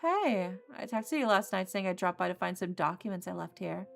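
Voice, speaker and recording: A woman's voice: on the low side, animated, moderate pace, gravelly. A woman voicing a breezy young woman, the ex-girlfriend in a game, in a light, cheerful and boastful tone while reading the dialogue aloud.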